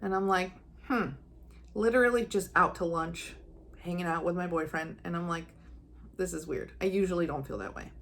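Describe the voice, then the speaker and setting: With a fairly low, slightly bright voice at a moderate pace, a young psychic medium earnestly shares a personal story with her viewers. Talking casually to camera, she dramatizes her own thoughts with feeling.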